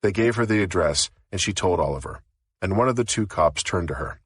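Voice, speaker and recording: A man narrating a novel as an audiobook in a steady, even reading. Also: deep voice, a little fast, slightly rough, no echo, clean studio sound.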